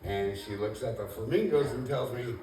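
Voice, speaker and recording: A first-time comic, this man speaks at a medium pitch and a moderate pace. His stand-up routine in a comedy club is relaxed and rambling, full of self-deprecation and "you know." The sound is noisy, with the mic set at a distance in an echoey club room.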